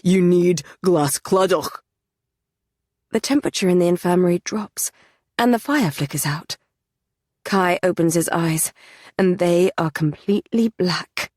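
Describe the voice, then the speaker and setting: A woman narrating a fantasy audiobook in the first person, measured and even. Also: lowish voice, dry recording, clean studio sound.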